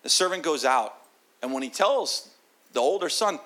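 A guest speaker preaches a sermon in a church, his voice on the high side at normal speed. He tells a story with animated energy, dropping now and then into soft, earnest asides.

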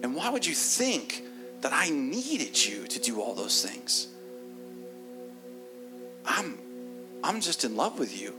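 A man preaching in a church voices a loving, generous father, lifting his voice higher to play him. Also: big pitch swings, normal speed, pauses often, over music. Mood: tender. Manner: exuberant, then gentle and tender.

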